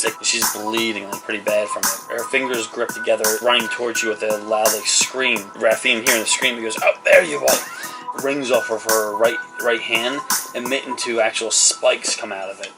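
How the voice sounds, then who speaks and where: A man's voice: mid-range voice, level tone, normal speed, poor audio. A man narrating a tabletop game as game master, rambling with lots of fillers as he describes the action. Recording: loud background music.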